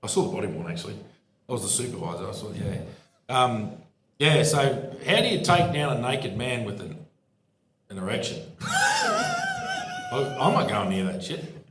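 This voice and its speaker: A man's voice: medium pitch, huge pitch swings, moderate pace, pauses often, background noise. A man, a former police supervisor, telling laughing anecdotes as co-host of a live podcast show. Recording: echoey live pub room.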